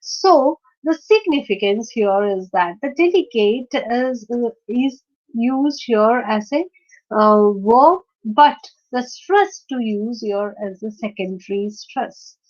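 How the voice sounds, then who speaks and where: A woman teaching in an online lecture, explaining step by step with many pauses, fillers and restarts. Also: on the high side, lively intonation. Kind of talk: screen-shared online lecture. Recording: dull lo-fi recording.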